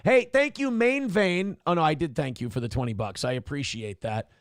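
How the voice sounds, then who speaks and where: Gravelly joking male talk-show host. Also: fairly high pitch, normal speed, dry recording, clean studio sound. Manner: profane, joking, reading viewer messages aloud. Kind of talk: casual live-stream talk.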